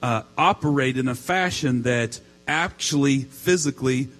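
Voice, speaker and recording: A man's voice: medium pitch, moderate pace, a bit bright, soft background music, low-quality recording. A middle-aged man preaching a sermon, telling a personal story in a casual way with many fillers. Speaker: pastor. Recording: mains hum.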